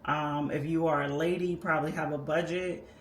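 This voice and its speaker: A woman's voice: sits low, steady tone, brisk. Woman explaining step by step in an echoey room. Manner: patient, methodical explaining while working on paper. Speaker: personal finance creator. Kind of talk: step-by-step budgeting tutorial. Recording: echoey room with faint background noise.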